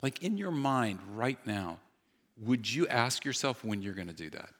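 A man preaching and praying in an earnest, unhurried way. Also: medium pitch, big pitch swings, a bit bright. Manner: earnest, slow and pausing. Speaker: pastor. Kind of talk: sermon with prayer.

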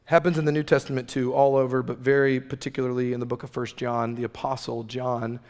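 Male pastor, mid-pitched, earnest conversational preaching, long church-hall reverb. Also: level tone, fairly quick, darkish tone. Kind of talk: sermon.

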